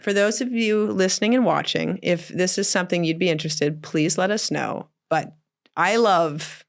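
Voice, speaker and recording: A woman hosting a podcast interview, relaxed, steering the questions and laughing along. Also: lowish voice, moderate pace, vocal fry. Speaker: podcast host. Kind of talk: casual interview chat.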